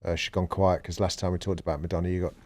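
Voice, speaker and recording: A man's voice: low voice, level tone, darkish tone. Man, podcast co-host, casual chat, sweary, restarts. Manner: chatty, sweary, quick restarts.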